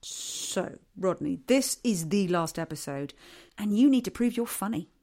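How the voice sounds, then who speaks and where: A man's voice: high-pitched, animated, measured pace, darkish tone. A man voicing his own sarcastic inner voice. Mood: teasing. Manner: needling, sarcastic. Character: mocking male inner voice, teasing.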